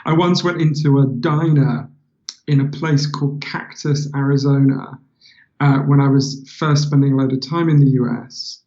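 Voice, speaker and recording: A British author as an interview guest, telling stories in a lively, animated way and laughing between lines. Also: male voice, medium pitch, moderate pace, highs cut off. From Britain. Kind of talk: casual interview chat.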